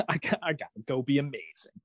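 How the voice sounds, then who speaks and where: A man's voice: mid-range voice, very animated, brisk, a bit bright, breathy edge, no echo. A man co-hosting a casual TV recap chat, playful, laughing often and mimicking characters. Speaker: podcast co-host.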